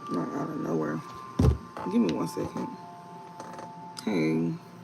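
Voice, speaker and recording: A young man hosting a live tarot reading stream, talking in a calm, low-key, casual way with slang. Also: slow, vocal fry, loud music behind the voice, rough recording.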